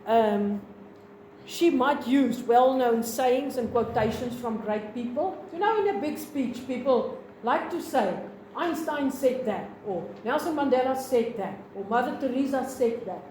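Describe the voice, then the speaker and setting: A South African woman teaching a lesson, explaining slowly, repeating points and asking the class questions. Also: on the high side, animated, darkish tone, roomy sound, slight background noise, rough recording.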